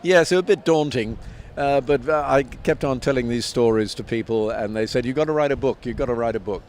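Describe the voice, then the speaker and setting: A man in his seventies talks at a measured pace with plenty of ums and restarts. He sounds like a veteran commentator telling stories in an interview. His voice sits in a middle pitch, with faint noise behind it. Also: a little mellow. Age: 70s. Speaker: tennis commentator and author, guest. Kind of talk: reflective interview answers.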